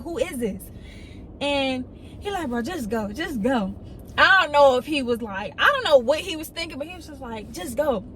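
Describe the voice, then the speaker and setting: A woman's voice: slight background noise, poor audio. A young woman, telling a story casually and acting out the people in it. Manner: animated storytelling, quoting others in excited high voices.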